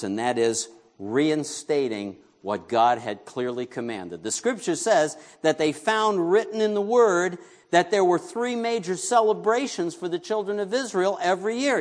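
A New York man preaches a sermon as a pastor, his voice a little high. He talks conversationally, putting questions to the congregation and joking with them.

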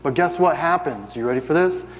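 A man in his thirties preaching a sermon, telling stories with lively acted-out voices. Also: a little high, a little fast, big-room sound, slight background noise. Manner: animated storytelling, acts out family scenes.

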